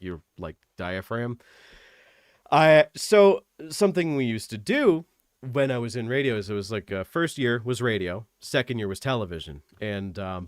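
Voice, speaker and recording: A man's voice: on the low side, no room sound. Young canadian guy streaming, rambly, lots of ums, dry close mic. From Eastern Canada. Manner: rambling, self-deprecating, many fillers. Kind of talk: casual chat on a stream call. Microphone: desk microphone.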